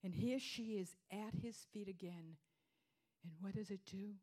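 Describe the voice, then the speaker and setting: A woman preaches a sermon in a medium-pitched, unhurried voice, repeating phrases for emphasis and sinking into hushed whispers before rising to loud declarations.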